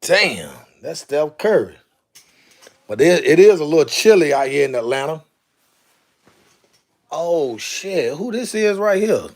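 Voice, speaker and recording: A man's voice: fairly high pitch, very animated, a little slow, long pauses. A man chatting casually on a live stream, exclaiming to himself as he goes through jerseys. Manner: drawling, exclaiming to himself while sorting jerseys.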